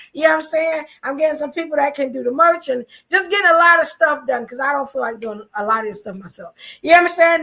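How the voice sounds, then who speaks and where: High, gravelly-voiced woman podcast host. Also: pushed and bright. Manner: chatty, repeats "you know what I'm saying". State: losing her voice. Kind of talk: casual live-stream chat.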